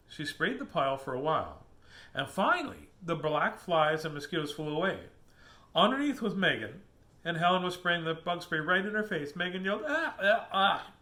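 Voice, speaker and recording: A man reading a children's picture book aloud, animated and chuckling at the pictures. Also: a little high. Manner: animated, chuckling asides to the listener.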